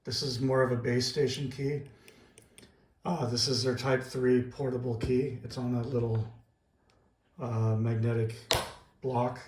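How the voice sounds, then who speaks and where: A man calmly teaching Morse paddle keying in a plain, methodical way, with frequent pauses. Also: mid-range voice. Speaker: ham radio operator teaching Morse keying. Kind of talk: casual how-to demonstration. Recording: echoey room with faint noise.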